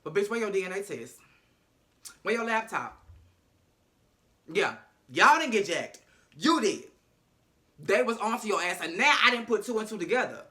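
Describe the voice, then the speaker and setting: A sassy man recaps a show in a casual vlog, dramatic and freely profane. His voice sits somewhat high and rings very bright and forward. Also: lively intonation, fairly quick, pauses often.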